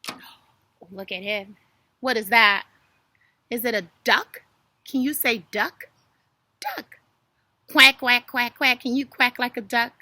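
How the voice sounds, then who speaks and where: A woman's voice: on the high side, slow, pauses often, bright, forceful tone, no echo. A young woman reading a story and doing animal flashcards for toddlers in a sing-song, exaggerated way. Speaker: children's video host.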